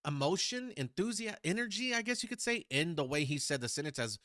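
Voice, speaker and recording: A man's voice: fairly high pitch, very animated, fairly quick, bright, forceful tone, no echo, clean studio sound. A man from Texas, hosting a casual reaction video in a chatty, rambling way and searching for words. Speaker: YouTube reaction host.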